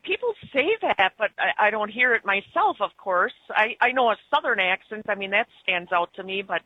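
A woman's voice: medium pitch, lively intonation, normal speed, no room sound. Midwest lady calling in to a radio show, rambling on, muffled dry phone sound. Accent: Upper Midwest. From Germany-born, raised in Wisconsin. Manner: chatty, rambling. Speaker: caller. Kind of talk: casual call-in chat.

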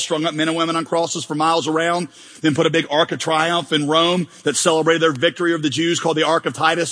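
A man delivers a lively sermon with a bright, high voice that carries a husky edge. He jokes and acts out mock prayers. His voice rings through a large church hall with a long reverb. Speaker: pastor.

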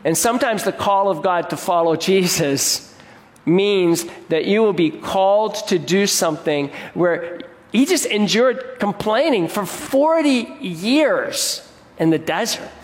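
A man's voice: high-pitched, lively intonation, slow. A pastor giving an earnest sermon, often restarting his words and putting questions to the congregation. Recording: long reverb of a large hall.

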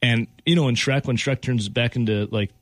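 A man's voice: mid-range voice, moderate pace, dry recording. A man hosting a radio show, telling a funny story in casual chat and laughing as he goes. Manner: animated, laughing anecdote teller.

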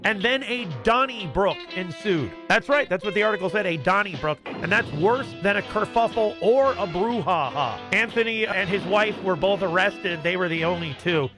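A man's voice: sits high, expressive, moderate pace, hardly any pauses. A man hosting a comic radio segment about silly news, wry and mock-serious. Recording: music bed behind voice.

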